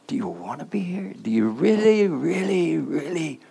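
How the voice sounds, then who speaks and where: A man preaching a sermon in plain colloquial speech. He keeps asking the listener questions, often prodding with "huh?", and swings between hushed and loud passages. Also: a little high, big pitch swings, moderate pace, vocal fry, slightly rough. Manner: rhetorical questions with repeated "huh?"; informal colloquial grammar.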